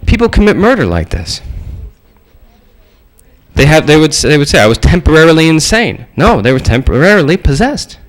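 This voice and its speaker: Animated, high-voiced male preacher. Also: brisk, pauses often, poor audio. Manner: animated, acts out voices in his stories. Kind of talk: storytelling sermon.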